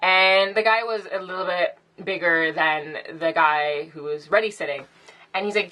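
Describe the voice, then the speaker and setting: A woman's voice: lowish voice, normal speed, bright, forceful tone. A young woman ranting casually to camera in a vlog, sassy and exasperated, with lots of "like". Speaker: vlogger.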